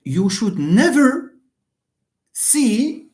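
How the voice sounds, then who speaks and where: A man teaching English word stress in an online lecture, drawing out words slowly and with emphasis. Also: extremely high pitch, big pitch swings, a little mellow. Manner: slow, emphatic, drawn-out words.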